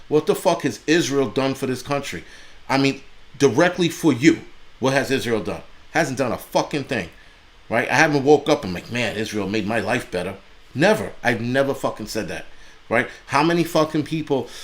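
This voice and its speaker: A man hosting a livestream, ranting angrily and bluntly with heavy profanity and mocking asides. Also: medium pitch. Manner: angry, blunt and heavily profane, mocking voices in quotes. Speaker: livestream host. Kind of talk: profane political rant on a livestream.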